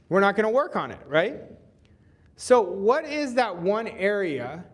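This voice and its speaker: A man's voice: high-pitched, a little mellow. A man leading a live business workshop, speaking in an earnest, repetitive coaching tone. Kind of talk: motivational seminar talk. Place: event stage.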